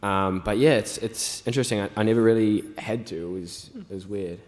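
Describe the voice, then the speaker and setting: A young man, an actor guest, answering fan questions on a convention panel in a relaxed, rambling way full of fillers. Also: lowish voice, fairly quick. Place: large convention hall stage. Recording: reverberant convention hall.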